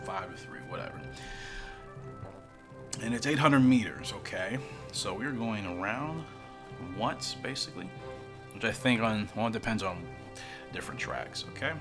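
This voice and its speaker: A rambling male gaming YouTuber with a fairly low voice that swings up and down a lot as he talks, full of casual self-deprecating asides. Faint game music plays underneath. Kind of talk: casual mobile game commentary.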